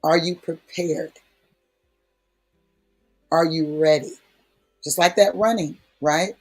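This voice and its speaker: Husky-voiced man preaching conversationally. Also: a little high, steady tone, slow, faint music behind. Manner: folksy, emphatic, repeats key phrases. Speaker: prayer speaker. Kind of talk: conversational preaching in a prayer session.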